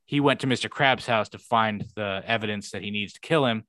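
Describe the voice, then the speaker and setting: A man's voice: fairly low pitch, a little fast, fairly bright tone, dry recording. Profane young man rambling through a recap. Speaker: podcast co-host. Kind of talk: casual chat.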